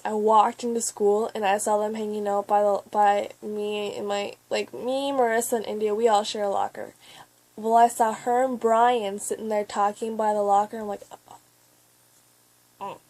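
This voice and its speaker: A teenage girl telling a long, rambling story to camera in a chatty way. She often swears and then apologizes, and she keeps breaking off into quick asides. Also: fairly high pitch, a little mellow. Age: teens. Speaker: vlogger.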